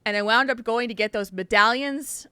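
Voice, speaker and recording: Podcast co-host, female, bright and lively, acts out quotes and laughs often; dry, close sound. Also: fairly high pitch, moderate pace, smooth, dry recording. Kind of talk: casual gaming chat.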